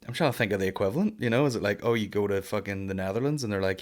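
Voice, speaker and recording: A man, a stand-up comedian hosting his own podcast, rambling in a loose, profane, jokey monologue. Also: fast. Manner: jumps into loud high mock voices for bits.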